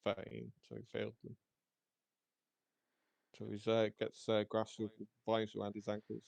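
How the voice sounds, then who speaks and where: A man with a lowish, gravelly voice plays a tabletop game in a laid-back, matter-of-fact way. His sound is dry and close. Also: monotone, normal speed, darkish tone, no echo. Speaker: player. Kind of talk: casual tabletop game play.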